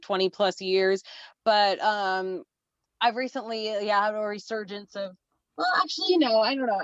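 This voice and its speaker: A woman guest in casual podcast chat, bubbly and excitable, with frequent fillers. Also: mid-range voice, no room sound. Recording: dull, dry lo-fi sound.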